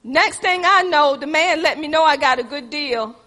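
A woman preaching a sermon, moving between loud exhortation and hushed personal stories, calling her listeners "y'all.". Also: high voice, moderate pace, big-room sound. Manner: animated, swings from loud exhortation to hushed storytelling; addresses the congregation as "y'all".

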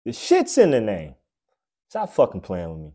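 A man hosting a podcast, delivering a blunt, profane, preachy comedic rant that swings between loud outbursts and low mutters. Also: huge pitch swings, normal speed. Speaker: podcast host.

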